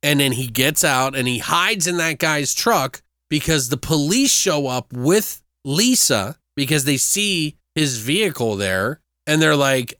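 Man, casual movie recap, animated and swearing, slightly high voice, dry sound. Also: measured pace, few pauses, no echo. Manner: animated, profane, mocks characters with put-on voices.

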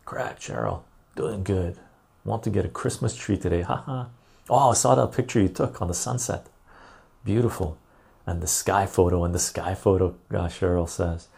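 A man with a gravelly, husky voice chats casually on a live stream. He reads viewer messages aloud and answers them in a loose, rambling way, full of fillers. His tone is mellow and on the low side. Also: normal speed. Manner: relaxed and rambling, with frequent fillers.

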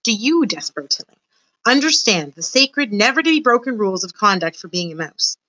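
A solemn older male mouse presiding over a trial, as a woman reading a story puts him on, formal and commanding in every phrase. His voice stays crisp and bright, with a dry, close sound. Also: medium pitch, very animated, fairly quick, dry recording, rough recording. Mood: stern.

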